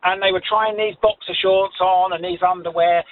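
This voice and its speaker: A man's voice: high-pitched, steady tone, normal speed. A man from the UK telling a rambling, self-deprecating story in casual chat, with frequent giggles. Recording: tinny phone-like line, faint noise.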